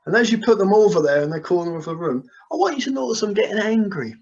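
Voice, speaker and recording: Brief: male hypnotist, slightly high voice, soothing repetitive delivery, lo-fi call audio. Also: big pitch swings, fast talker. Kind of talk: guided hypnosis session. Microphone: video call. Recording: dull lo-fi video call audio.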